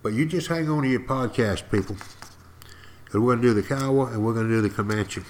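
A man telling history in a folksy, dramatic way, as if spinning a tale to friends. He keeps checking in with his listeners and asking if they follow. His voice sits in an ordinary middle pitch for a man. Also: fairly quick, darkish tone, slight background noise. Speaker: podcast history lecturer. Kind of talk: storytelling lecture.

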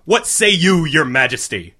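A man's voice: a little high, sing-song, normal speed, pushed and bright, heavily acted. A man voicing a formal, solemn contest judge who addresses a queen. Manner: formal, ceremonious.

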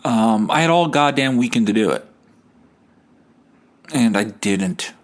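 A hungover young Canadian man hosts a solo podcast, ranting casually in a profane, sarcastic, meandering style. His voice is medium-pitched and animated, and he talks a little slowly.

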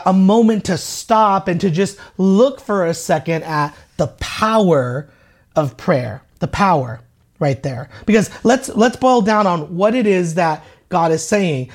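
A pastor preaching a conversational sermon, with frequent restarts and rhetorical questions. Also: mid-range voice.

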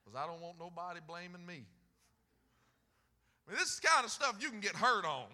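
A man with a Southern US accent preaching a sermon in a church, rising loud on scripture and dropping to a folksy, storytelling tone. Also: sits high, sing-song, fairly quick, big-room sound. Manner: fervent, swells loud on scripture then drops to folksy storytelling. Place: church sanctuary.

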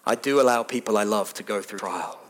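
Man doing calm rebuking teacher, low, quiet, measured, firm. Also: lightly acted. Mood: stern.

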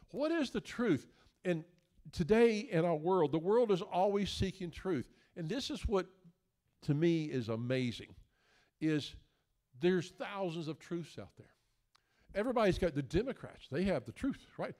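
A man's voice: sits high, darkish tone. A male guest preacher, delivering a folksy, joking sermon that builds into emphatic questions.

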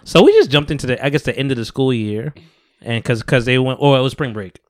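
A man hosting a podcast in casual chat, profane and animated as he tells a story. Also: medium pitch, fast talker, no echo, clean studio sound. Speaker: podcast host.

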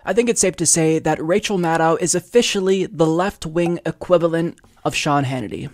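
A man delivers a political opinion monologue in a fairly high voice. He leans hard on his points and speaks directly to his audience. His voice sounds close and dry, with no room around it. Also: normal speed, dry recording. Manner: emphatic and persuasive, addresses viewers directly. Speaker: political commentary host.

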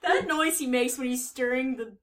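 A woman's voice: sits high, normal speed. A woman in her thirties co-hosting a casual podcast chat, laughing often, easygoing and freely profane. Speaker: podcast co-host.

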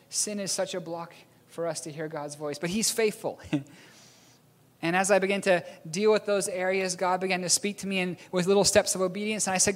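A young man preaching a sermon, telling a story with earnest warmth and laughing at himself now and then. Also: high-pitched, long reverb tail. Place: church auditorium.

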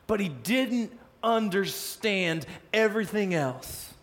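A male pastor preaching, telling the story with animated, self-mocking humor. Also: on the high side, a little slow, big-room sound, a little hiss or hum. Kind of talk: sermon.

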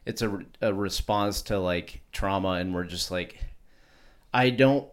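Low-voiced rambling male podcast host. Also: measured pace. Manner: rambling, self-interrupting, with many restarts. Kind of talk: casual chat.

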